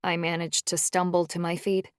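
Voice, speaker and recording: A woman narrating a first-person audiobook in an even, measured storytelling manner. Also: lowish voice, smooth, no echo, clean studio sound.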